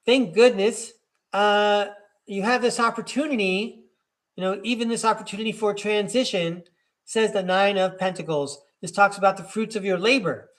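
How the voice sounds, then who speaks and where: This tarot reader hosting a livestream has a high, fairly bright voice. He keeps an easy rapport with viewers while reading each card's keywords aloud in turn.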